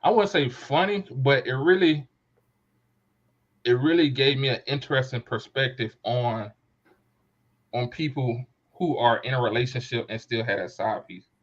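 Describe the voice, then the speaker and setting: A man's voice: mid-range voice, normal speed, muffled recording. A man hosting a podcast, telling a story in casual chat and acting out the voices of people in it. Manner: animated storyteller, acts out quoted voices. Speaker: podcast host.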